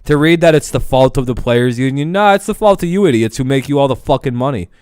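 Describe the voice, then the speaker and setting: A man's voice: medium pitch, lively intonation, fast, a little mellow, smooth, no echo, studio quality. A man hosting a casual sports talk stream, blunt, profane and rambling. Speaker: host.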